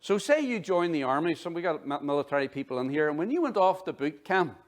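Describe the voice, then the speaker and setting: A middle-aged man preaches in a chatty, animated way. He breaks off into personal asides. His voice sits a little higher than most men's. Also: fast. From Northern Ireland. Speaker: pastor. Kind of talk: sermon.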